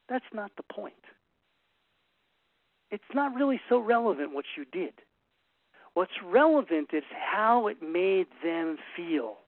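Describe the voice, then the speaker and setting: A man's voice: high-pitched, very animated, slow pace, long pauses, dry recording. A middle-aged man giving an earnest, emphatic talk to a group and telling stories along the way. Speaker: relationship speaker. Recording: tinny phone-like radio sound.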